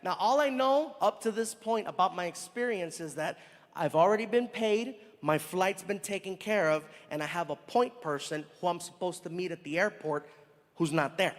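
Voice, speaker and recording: A male stand-up comedian telling an animated story on stage with a handheld mic, acting out other people's voices. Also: sits high, moderate pace. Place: large theater on stage. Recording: long hall reverb, audience noise.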